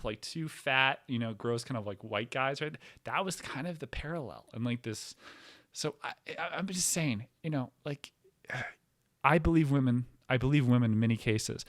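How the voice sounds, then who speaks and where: A man hosting a podcast who talks in a loose, rambling way, full of "like" and asides. His voice sits at a middle pitch and sounds dry and close, with no room around it. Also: no room sound. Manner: rambling and provocative, heavy use of "like". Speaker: podcast host. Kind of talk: casual comedic podcast monologue.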